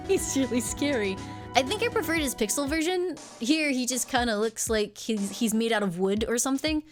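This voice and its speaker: A British woman talks to her live stream audience in a playful, chatty way. Her voice sits high and moves freely up and down. Background music plays clearly under her talk. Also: animated, a little slow. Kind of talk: live game stream chat.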